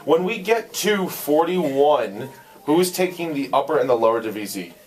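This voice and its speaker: A young man with a slightly hoarse voice, coaching a trumpet section in rehearsal. He sings the rhythms to demonstrate and counts the players in. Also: a little high, lively intonation, normal speed. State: voice going hoarse. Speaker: ensemble conductor. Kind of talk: rehearsal instruction. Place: band rehearsal room. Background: trumpets playing.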